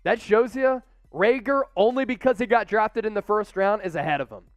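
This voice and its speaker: Excitable male watch-party host with a high, smooth voice. Dry studio sound with faint music behind. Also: normal speed, dry recording. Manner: excitable, shouts chants and play-by-play calls. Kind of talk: live sports watch-party commentary.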